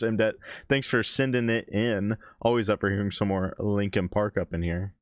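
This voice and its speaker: Male reaction streamer, fairly low voice, dry close mic, relaxed rambling chat with chuckles. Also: moderate pace, no room sound. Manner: laid-back, chuckling, rambling asides. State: talking with mouth full. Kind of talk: casual live-stream chat.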